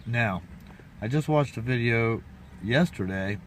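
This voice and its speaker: A man's voice: mid-range voice, measured pace, a little hiss or hum. A man casually telling a rambling, folksy story to his viewers, full of restarts and asides. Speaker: vlogger.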